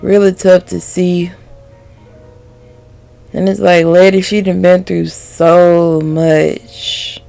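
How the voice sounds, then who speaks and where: A woman's voice: fairly low pitch, flat delivery, slow, vocal fry, pauses often, mellow, faint music behind. A woman reviewing a TV episode to camera in a candid, heated, profane way, laughing often. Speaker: TV show reviewer. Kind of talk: casual video review.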